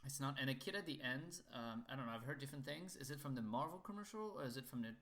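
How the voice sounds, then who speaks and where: A man's voice: mid-range voice, animated, quick pace, a bit bright. Chatty man co-hosting a fan podcast. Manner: chatty, laughs often, mimics in whispers. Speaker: podcast co-host. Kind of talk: casual chat.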